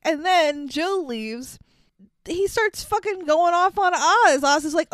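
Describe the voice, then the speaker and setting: A woman co-hosting a casual movie recap podcast, animated and exasperated, swearing freely. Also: high-pitched, normal speed, no echo. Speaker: podcast co-host.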